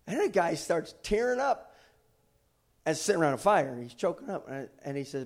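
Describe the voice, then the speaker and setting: A man's voice: on the high side, brisk, gravelly, breathy edge. A middle-aged man preaching a sermon, telling a story and then urging his congregation on. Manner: animated storyteller, rising to exhortation. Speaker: pastor.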